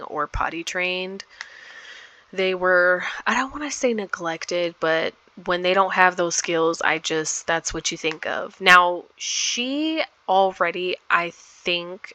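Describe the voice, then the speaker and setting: A gameplay vlogger with a fairly low, sharp-toned voice chats casually about her life-simulation game. She rambles along with lots of ums.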